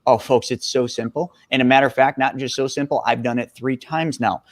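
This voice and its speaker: A man's voice: mid-range voice, steady tone, a little fast, no room sound. A man in his forties, a guest expert on a podcast interview, talking with energy and emphasis and calling the listeners folks. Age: 40s.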